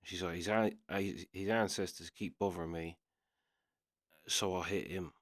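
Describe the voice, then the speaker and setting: Low-voiced man telling a story. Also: fairly even intonation, measured pace, no room sound, studio quality. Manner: retells a story with constant "he's like" quotes. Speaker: reaction video host. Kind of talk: casual storytelling.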